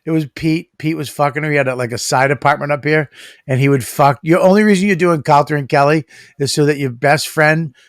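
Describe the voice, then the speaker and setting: A man's voice: fairly high pitch, brisk, no room sound, clean studio sound. A middle-aged man co-hosting a podcast, ranting crudely with lots of swearing and laughter. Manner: profane, ranting, laughs often. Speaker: podcast co-host. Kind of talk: crude comedic banter.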